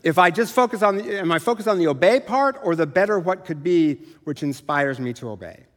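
A man's voice: sits high, expressive, brisk. A middle-aged man preaching a sermon in a conversational, self-deprecating way. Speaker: pastor. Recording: long reverb of a large hall.

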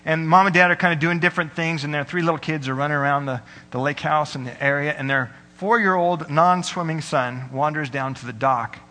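A man's voice: a little high, sharp tone. A young man preaching a sermon, telling stories earnestly and voicing the people in them, sounding tired. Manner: earnest storytelling with quoted voices. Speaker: pastor. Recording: long hall reverb.

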